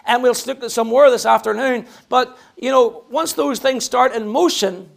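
A man with a very high, gravelly voice preaches to his church at a moderate pace. He's emphatic, repeating words as he builds each point, and raises his voice when reading scripture aloud.

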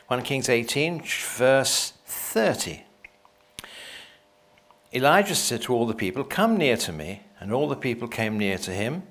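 A man's voice: mid-range voice, fairly bright tone. A man reading a Bible passage aloud and breaking off for conversational, wry asides. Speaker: Bible teacher.

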